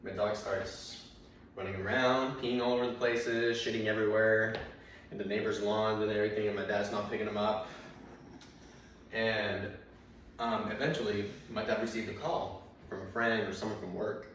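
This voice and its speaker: A man's voice: on the low side, flat delivery, normal speed, a bit bright, a little hiss or hum. Young man telling a profane story in an echoey room. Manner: rambling, profane, acts out his dad and dog. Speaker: stand-up comedian. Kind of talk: stand-up comedy storytelling. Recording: very echoey room, mic at a distance.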